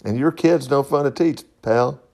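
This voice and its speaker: A man's voice: medium pitch, moderate pace, gravelly, warm tone. A middle-aged man, hosting a podcast in a rambling, folksy monologue and laughing at his own stories. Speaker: podcast host.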